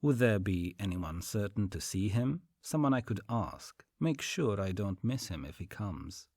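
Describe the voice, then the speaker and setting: A man voicing a wary male stranger who speaks carefully and hesitantly, with a deep, husky voice. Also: sing-song, a little slow, darkish tone, no room sound, studio quality, full character voice. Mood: guarded.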